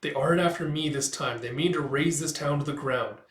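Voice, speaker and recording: A man voicing a calm, resolute young wife who speaks firmly and steadily. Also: fairly high pitch, a little fast, close to an everyday voice. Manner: steady, firm. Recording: roomy echo.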